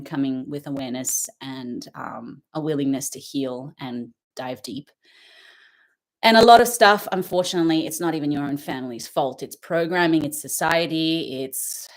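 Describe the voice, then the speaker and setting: A woman with a low-pitched voice talks through her thoughts in a casual, searching way, pausing often to find her words. She speaks as a meditation channel host, earnest and personal. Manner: earnest, searching, many fillers and restarts. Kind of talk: casual reflective monologue.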